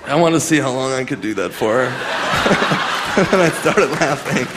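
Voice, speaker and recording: A man's voice: medium pitch, expressive, normal speed, over a noisy crowd. A young man doing a stand-up comedy set, rambling, swearing and laughing at his own jokes, recorded live in a comedy club. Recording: live club with audience noise.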